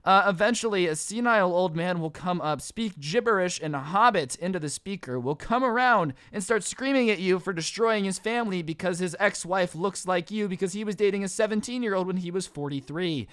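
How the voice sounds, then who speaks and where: A man's voice: high voice, brisk, few pauses, a bit bright, clear, resonant tone, no echo, clean studio sound. A young man telling a comedic storytime rant, exasperated and sarcastic.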